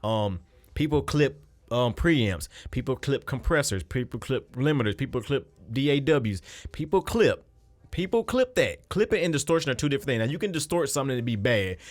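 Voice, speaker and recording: A man explains his music production steps in a loose, conversational way. His voice sits at an ordinary pitch. The recording is dry and close, with no room sound. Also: lively intonation, fairly quick, dry recording. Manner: loose and conversational, with fillers and restarts. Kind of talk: casual screen-recorded beat-making tutorial.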